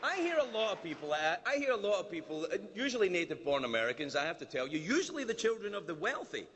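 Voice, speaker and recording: Very animated and fast-talking, a Scottish man plays the comedian at a formal dinner, giving a teasing, mock-indignant stand-up monologue. His voice is high-pitched and fairly bright. There is some chatter behind him and the long reverb of a large banquet hall.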